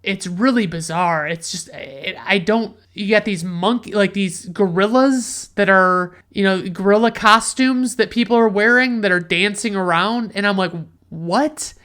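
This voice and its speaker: A man's voice: high voice, moderate pace, hardly any pauses, pushed and bright, smooth. A man giving a casual, rambling movie review, full of curse words and "like" and "you know," sounding incredulous and sarcastic. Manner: rambling, profane, heavy use of "like" and "you know".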